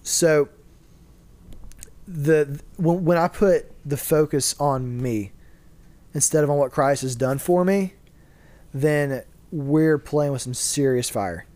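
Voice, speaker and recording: A man's voice: fairly high pitch, slow pace, a little mellow, no echo. A man hosting a casual faith discussion, explaining his view earnestly and answering his own rhetorical questions. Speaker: podcast host.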